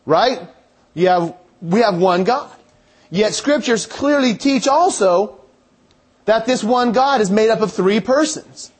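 A man's voice: high voice, expressive, slow pace, slightly rough. A man preaching a sermon in a conversational way, thinking aloud and restarting his phrases.

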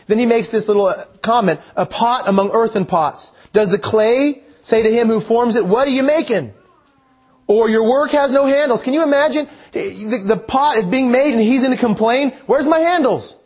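A man preaching a sermon, earnest, asking his listeners questions and reading scripture out slowly. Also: sits high, husky.

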